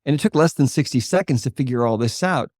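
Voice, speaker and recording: An older man, a holistic chiropractor, explaining his work and telling a patient story in a podcast interview with a measured, earnest delivery. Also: mid-range voice, lively intonation, a little mellow, no room sound, clean studio sound. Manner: earnest, measured explainer who slows for emphasis.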